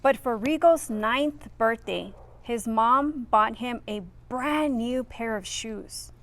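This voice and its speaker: Slow, expressive woman reading a picture book. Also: on the high side. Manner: slow, expressive, adds friendly asides to listeners. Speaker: reader.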